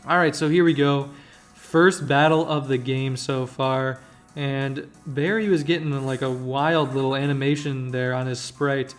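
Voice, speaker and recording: A man's voice: medium pitch, fairly even intonation, unhurried, faint music behind. A man hosting a let's-play, giving joking, rambling commentary over the game. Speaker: gaming channel host.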